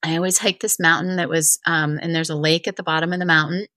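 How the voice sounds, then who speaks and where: Middle-aged woman from vermont, kinda low voice but really bright, chatty, says like a lot. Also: quick pace, no room sound. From Vermont, USA. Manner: chatty, heavy use of filler "like", animated retelling. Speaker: guest, wellness coach. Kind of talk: casual storytelling interview.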